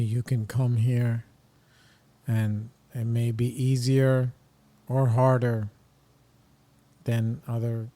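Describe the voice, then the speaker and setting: Slow-talking ranting man. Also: medium pitch, warm tone. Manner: blunt, ranting, slangy. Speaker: podcast host. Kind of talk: casual opinionated monologue.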